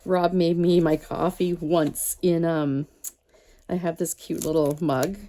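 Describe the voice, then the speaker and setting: A woman's voice: lowish voice, fairly even intonation, takes it slowly, dark tone. A woman host chatting casually while she makes a craft page, rambling through stories and talking to herself as she works.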